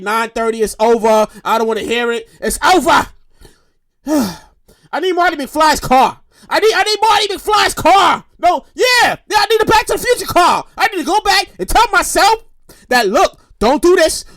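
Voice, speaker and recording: Lively, profane podcast host in their thirties. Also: sits high, dry recording, studio quality. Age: 30s. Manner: profane, rambling, animated, repeats phrases. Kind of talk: casual podcast monologue.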